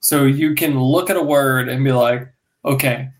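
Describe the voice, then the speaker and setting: A man on a casual podcast, explaining things haltingly with many fillers. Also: mid-range voice, fairly even intonation. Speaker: podcast co-host. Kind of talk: casual chat.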